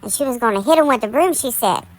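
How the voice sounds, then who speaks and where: A woman's voice: on the high side, animated, fast talker, rough recording. A woman hosting a casual gossip commentary, chatty and full of "like" and "y'all,". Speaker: commentary channel host.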